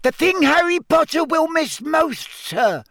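Squeaky, eager male house elf with broken grammar; very high, lively storybook voice. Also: a little slow, dry recording, full character voice. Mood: urgent.

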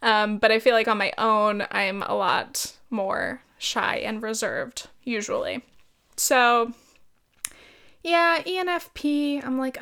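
A woman's voice: on the high side, takes it slowly, pushed and bright, clean tone. A young woman hosting a casual solo podcast, chatting loosely with giggles, rambling asides and casual swearing. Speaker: podcast host. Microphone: podcast mic.

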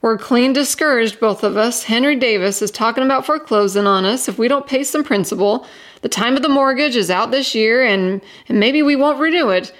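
A woman reading the part of a worn-out farm wife around thirty, blunt and rustic in her speech. Her voice sits a little high, and her replies come sharp and defensive. This is a storybook reading. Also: fairly quick, close to an everyday voice. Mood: sullen.

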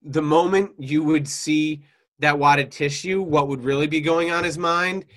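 A man's voice: fairly high pitch, fairly even intonation, a little slow, a bit bright. A man co-hosting a podcast, casually retelling anime scenes and acting out the characters' lines. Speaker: podcast co-host. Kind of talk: casual chat, recapping an anime.

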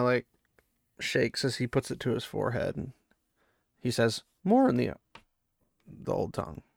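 A man with a gravelly, mid-range voice reads a fantasy battle scene aloud, then drops into excited casual commentary for his listeners. The recording is dry and close, with no room sound around him. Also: medium pitch, no echo. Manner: reads the battle with rising intensity, then chats excitedly with fans. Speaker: book reader and commentator. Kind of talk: dramatic reading mixed with casual commentary.

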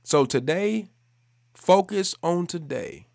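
A man's voice: a little high, no echo, studio quality. Emphatic man preaching a devotional. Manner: emphatic, repeats key phrases for stress; speeds up and slows down for emphasis. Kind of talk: devotional podcast sermon.

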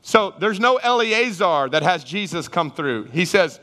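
Animated man preaching in a hall. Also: fairly high pitch, normal speed, few pauses. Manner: animated, acts out Bible figures and congregants in raised voices. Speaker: pastor. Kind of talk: sermon. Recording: reverberant hall sound.

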